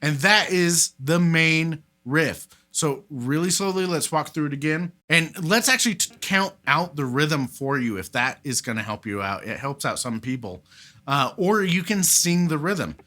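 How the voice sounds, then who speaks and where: Bright-voiced man teaching guitar. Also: on the high side, unhurried. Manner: relaxed, chatty, sings rhythms as "da da". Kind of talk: casual instructional talk. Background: guitar playing.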